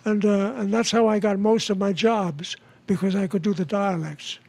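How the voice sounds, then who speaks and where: An older man as a guest, telling anecdotes in a halting way with frequent restarts and chuckles. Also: sits high, fairly even intonation, darkish tone. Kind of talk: anecdotal interview chat.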